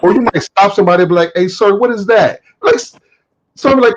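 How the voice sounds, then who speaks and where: A man hosting a live stream, telling stories in a casual, animated way and acting out quotes, with some swearing. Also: sits high, fast talker, lo-fi sound.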